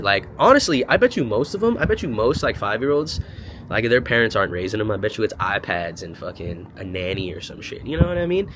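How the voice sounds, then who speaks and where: A man's voice: fairly low pitch, big pitch swings, a little fast. Joking, profane man in his twenties, outdoors. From United States. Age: 20s. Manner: profane, loose and joking, full of "like" and "you know". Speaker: vlogger. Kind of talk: casual rambling monologue. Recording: noisy outdoor street ambience.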